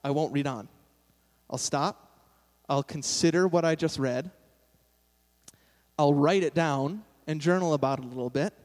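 Speaking a little slowly with long pauses, a young pastor preaches in a fairly high, darkish voice. His tone is casual and self-deprecating, interrupted by emphatic bursts, and the audio has a long hall reverb.

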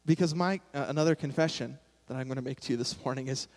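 A young male pastor with a mid-range voice talks quickly, preaching a sermon in a casual, self-deprecating manner punctuated by sudden emphatic bursts. The recording carries a long hall reverb.

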